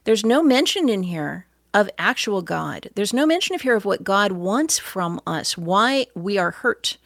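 A woman's voice: medium pitch, sing-song, measured pace, vocal fry, a bit bright, no room sound, clean studio sound. A middle-aged woman hosting talk radio, emphatic and moralizing, repeating her points for emphasis.

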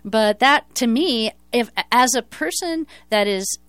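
A woman's voice: on the high side, animated, slow, fairly bright tone, clean tone, no echo. A middle-aged woman hosting a talk show, talking earnestly in a casual interview, often correcting herself mid-sentence. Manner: earnest, talkative, frequent self-corrections.

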